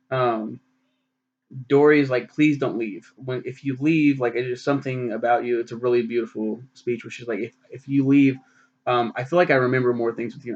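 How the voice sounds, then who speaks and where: Rambling, swearing young man on lo-fi audio. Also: mid-range voice. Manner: rambling, swears a lot, many fillers. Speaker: film reviewer. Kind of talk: casual film recap.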